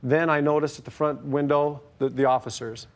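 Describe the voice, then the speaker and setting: A man giving testimony on a television court show, telling his story in a halting way with many fillers and restarts. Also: a little high, steady tone.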